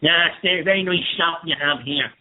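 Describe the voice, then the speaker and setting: A man's voice: fairly high pitch, normal speed, voice pushed up, close to an everyday voice. A man putting on a Dublin accent to voice a male street thug who makes friendly-sounding threats. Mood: menacing. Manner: mock-friendly veiled threats. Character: menacing male Dublin street thug running a protection racket. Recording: tinny phone-like sound.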